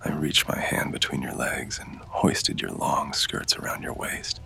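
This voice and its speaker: A man in a whispered role-play, his voice pitched extremely low and full of gravel, breathy and close yet crisp at the edges. he narrates intimately in first person, never raising it above a hush. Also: little pitch movement, unhurried.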